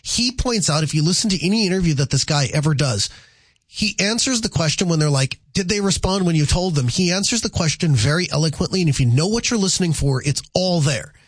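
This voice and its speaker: A man's voice: fairly high pitch, expressive, a little fast, slightly rough, dry recording. A man hosting a call-in radio talk show, chatty and rambling, with many fillers and restarts.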